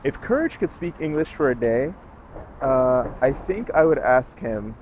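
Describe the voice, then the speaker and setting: A young man from Jamaica talks in a loose, casual way, often stopping to correct himself as he tells a story. He is outdoors on a city street with traffic passing behind him. His voice sits at an ordinary pitch for a man. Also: expressive, unhurried, darkish tone. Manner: rambling, self-correcting storyteller. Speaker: dog owner. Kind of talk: casual chat.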